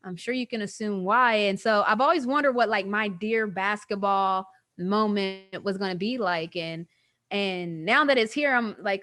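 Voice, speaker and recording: A woman in her thirties hosting a podcast, talking casually and emotionally. She pauses often, voice halting as she holds back tears. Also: mid-range voice, a bit bright. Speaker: podcast host. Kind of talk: personal announcement, casual talk.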